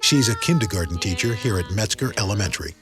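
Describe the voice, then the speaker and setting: A man narrating a documentary segment in a clear, explanatory scripted delivery. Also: fairly low pitch, animated, fast talker. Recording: loud background music.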